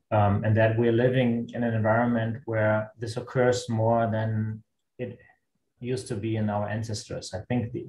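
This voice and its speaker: Low-voiced German-accented man, echoey room. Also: darkish tone. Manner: measured, explanatory, thinks aloud. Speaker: guest lecturer answering questions. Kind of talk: webinar Q&A answer. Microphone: video call. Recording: echoey room with faint noise.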